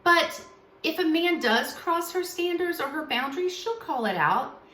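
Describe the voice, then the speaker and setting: A woman's voice: extremely high pitch, lively intonation, measured pace, sharp tone, roomy sound. A woman relationship coach giving earnest, emphatic advice straight to camera in a vlog.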